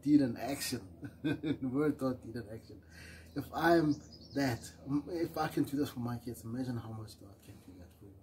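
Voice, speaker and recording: Recorded on poor audio with slight background noise, a preacher with a mid-range voice gives an earnest, repetitive devotional sermon. He reads scripture aloud, corrects himself with small apologies, and frequently lets his phrases fade quietly.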